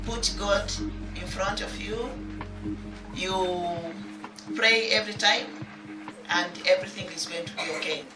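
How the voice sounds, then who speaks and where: Woman over loud music, distant. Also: medium pitch, measured pace, long pauses, echoey room. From Tanzania. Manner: simple, faith-based advice. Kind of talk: short encouragement speech.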